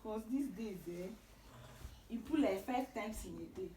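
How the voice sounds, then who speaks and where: A woman's voice: mid-range voice, lively intonation, unhurried, dark tone, slight background noise. A young Nigerian woman at home, teasing and doting on her small children in casual family chat, in a Nigerian English accent. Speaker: mother and family vlogger.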